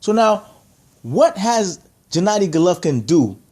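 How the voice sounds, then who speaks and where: A man's voice: high voice, sing-song, unhurried, mellow, breathy edge. A man giving an opinionated boxing rant to camera, emphatic and heated, stacking rhetorical questions and repeating his points. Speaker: boxing commentator.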